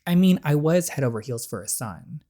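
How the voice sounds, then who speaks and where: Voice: mid-range voice, very animated, brisk, mellow. A YouTuber reading the inner thoughts and lines of a determined young heroine in a story game, in a firm, defiant way. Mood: uneasy. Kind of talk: reading game dialogue aloud.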